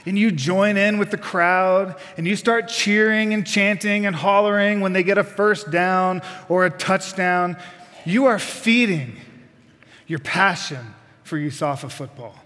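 A man's voice: high voice, bright, forceful tone, big-room sound. A man preaching a sermon, putting direct questions to the congregation with folksy asides.

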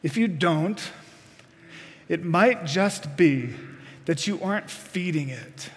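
A man's voice: on the high side, animated, slow pace, in a large hall. A man preaching a sermon, putting direct questions to the congregation with folksy asides.

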